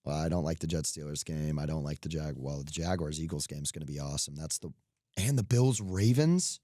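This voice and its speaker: Close-miked in a dry recording, a young man co-hosting a podcast runs briskly through his weekly sports bets. His deep voice is warm and low, and he jokes, rambles, loops back and pokes fun at himself.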